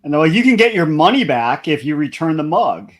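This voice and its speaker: A man's voice: fairly high pitch, very animated, a little fast. A man co-hosting a podcast, telling a story in an offhand, dry way during casual banter. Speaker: podcast co-host.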